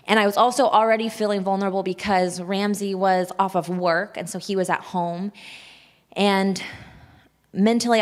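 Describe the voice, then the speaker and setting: Candid woman speaking in a reverberant hall. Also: medium pitch. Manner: open, confessional, breaks into nervous laughs. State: shaky and nervous. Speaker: speaker sharing a personal testimony. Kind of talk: candid personal talk to an audience. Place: large hall at a church event.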